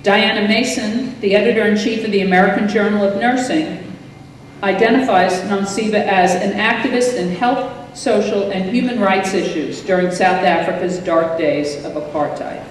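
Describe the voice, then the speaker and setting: A woman's voice: medium pitch, moderate pace, slight background noise. Woman presenter reading in an echoing hall. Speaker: presenter at an award ceremony. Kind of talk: reading excerpts aloud. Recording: echoey hall, mic heard from far off.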